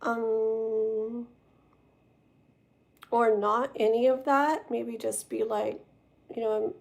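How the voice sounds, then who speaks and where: A woman's voice: on the high side, level tone, very slow, vocal fry. A woman doing a live-stream tarot reading, talking straight to the viewer, rambling and stumbling over her words. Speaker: tarot reader.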